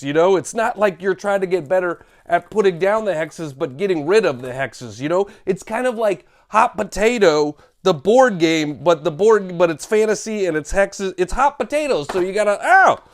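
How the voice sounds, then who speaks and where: A man with a high-pitched voice hosts a comedic board game unboxing. He talks in an animated, jokey way and exclaims over each component.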